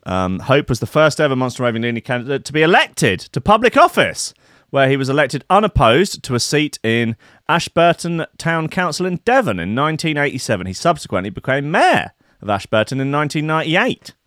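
A man's voice: on the high side, sing-song, brisk, a bit bright, no echo, clean studio sound. A man hosting a radio show, chatting casually and reading aloud with lots of hesitation. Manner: rambling, hesitant with many fillers.

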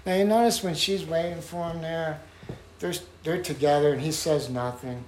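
In a sincere, talk-like sermon, the male speaker dramatizes the voices he cites and drops into a soft, low register at key moments. He keeps a measured pace against a noisy background.

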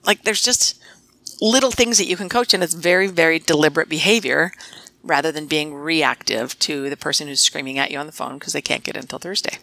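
A woman's voice: fairly low pitch, normal speed, sharp tone, no echo. A middle-aged woman veterinarian and practice owner, speaking as a podcast guest in an emphatic, coaching way.

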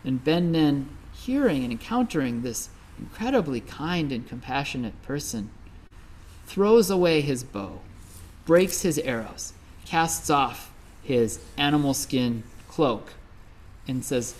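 Speaking at a medium pitch and taking his time, this Buddhist minister tells a sermon story. The tone is chatty and lively, peppered with "right?" along the way.

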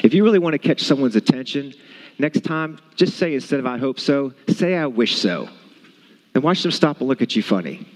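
A man's voice: on the high side, expressive, fast talker, a little mellow. A man preaching a sermon to a congregation, emphatic and repeating his key points. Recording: long hall reverb.

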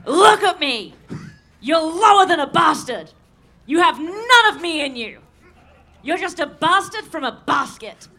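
An English woman voicing a furious, ruthless Texan oil baron man, shouting insults at a live outdoor show. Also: extremely high pitch, sing-song, unhurried, exaggerated voice.

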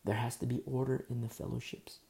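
A man's voice: medium pitch, little pitch movement, brisk, vocal fry, dark tone. A man preaching a sermon as pastor, building through emphatic rhetorical questions.

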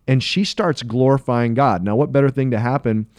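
A man's voice: mid-range voice, moderate pace, a little mellow, no room sound, clean studio sound. A man co-hosting a casual Bible discussion, retelling a passage in an earnest, rambling way with many self-corrections. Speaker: podcast co-host.

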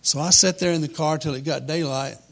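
A man tells a humorous story from his boyhood in a folksy, deadpan manner. His voice sits a bit high with a gravelly, fry-laden texture. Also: brisk.

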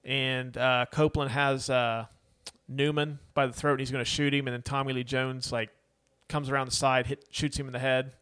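A man's voice: medium pitch, level tone, normal speed, fairly bright tone, clean tone. A man co-hosting a casual movie podcast, rambling with many fillers and laughs. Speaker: podcast co-host. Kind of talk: casual movie review chat.

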